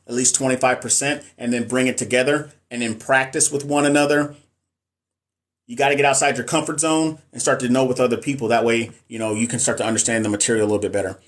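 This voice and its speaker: A middle-aged man with a mid-range voice, a nurse and NCLEX coach, hosts a casual live stream where he replies to comments from viewers in a forthright, emphatic manner.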